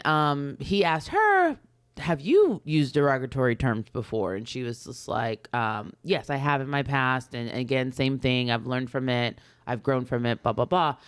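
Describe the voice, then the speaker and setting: Smooth-voiced woman retelling a story. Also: a bass voice. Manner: chatty storyteller, many ums, acts out quotes. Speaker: podcast co-host. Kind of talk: casual chat, retelling a story.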